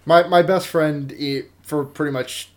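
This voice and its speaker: A man's voice: on the high side, steady tone, measured pace, slight background noise. Rambling jokey male podcast host. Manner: rambling, self-interrupting, jokey. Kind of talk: casual podcast chat.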